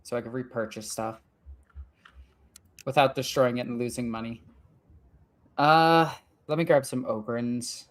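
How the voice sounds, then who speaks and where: A woman's voice: a bass voice, steady tone, unhurried, long pauses. A woman narrates her own strategy game as she plays. She thinks aloud in a casual, self-directed way, grumbling and swearing at her losses while she plans her moves. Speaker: gaming channel host. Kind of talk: let's play commentary.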